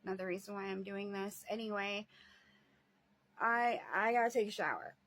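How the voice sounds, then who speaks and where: A woman's voice: mid-range voice, fairly even intonation, moderate pace, fairly bright tone. A woman caring for her parents, talking in a rambling casual video diary, laughing often and sighing. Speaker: vlogger and family caretaker.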